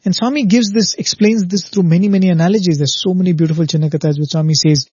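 A man talks through a spiritual parable in a thoughtful, unhurried way. His voice sits a little high but mellow and slightly husky. The sound is dry and dull, like a lo-fi recording. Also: fairly even intonation, dry recording. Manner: reflective, repeats "very, very" and asks "right?". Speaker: spiritual speaker. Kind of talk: storytelling spiritual talk.

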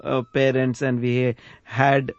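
A man recalling a memory in casual conversation, earnest and pausing on fillers. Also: mid-range voice, flat delivery, dry recording, dull audio.

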